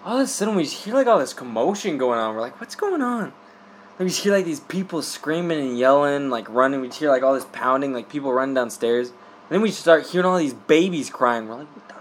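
A man's voice: mid-range voice, expressive, fairly quick. Young man, missionary, casual rambling story, frequent laughs, faint room hum. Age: young adult. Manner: rambling, lots of filler words and laughter.

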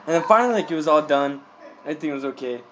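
A man's voice: fairly high pitch, animated, racing, a bit bright, slight background noise. A young man, a missionary, telling a rambling casual story with lots of filler words and frequent laughter. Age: young adult.

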